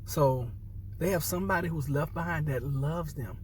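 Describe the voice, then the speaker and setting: A man's voice: fairly high pitch, normal speed, distant mic, a little hiss or hum. An upset man, a military veteran, speaking earnestly to viewers, repeating himself and restarting phrases as he holds back tears. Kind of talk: impassioned personal commentary to camera.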